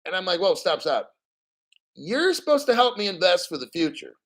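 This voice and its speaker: A man on a casual livestream, talking about crypto in a loose, profane rant. His voice sits a touch higher than most men's, and he is blunt and mocking, sliding into sneering put-on voices when he quotes people he disagrees with. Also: very animated, normal speed, a bit bright. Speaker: crypto channel host.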